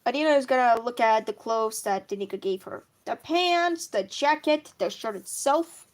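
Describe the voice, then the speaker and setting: Woman streaming her comic drawing, kinda high voice, rambly, keeps coughing. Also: lively intonation, moderate pace. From Russia. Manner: rambling, self-correcting, frequent coughs. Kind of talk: casual live-stream chat while drawing.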